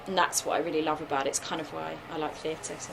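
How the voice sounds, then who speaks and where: A woman's voice: deep voice, fairly even intonation, fast, vocal fry. A woman, a guest puppeteer in a casual Q&A, chatty with many likes and fillers. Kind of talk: casual Q&A talk. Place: festival workshop room. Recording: noisy live room recording.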